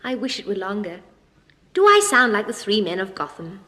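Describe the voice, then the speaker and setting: A woman's voice: medium pitch, very animated, normal speed, sharp tone. A woman singing and chatting playfully on a children's record, cheerful and sing-song. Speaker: singer and playmate on a children's record. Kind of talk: children's record, playful sung and spoken rhymes.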